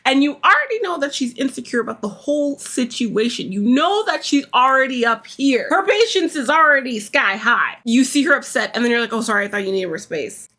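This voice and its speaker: A woman's voice: sits high, lively intonation, a little fast, hardly any pauses, bright, forceful tone. Chatty exasperated woman recapping a show. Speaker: reaction video host. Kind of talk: casual recap commentary.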